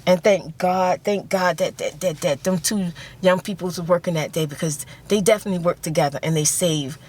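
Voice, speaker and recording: A middle-aged woman telling a long story in a soft-spoken ASMR style, rambling and repeating herself for emphasis. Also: lowish voice, a little fast. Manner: rambling and repetitive, emphatic retelling; drops to a whisper for quoted speech. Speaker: ASMR channel host.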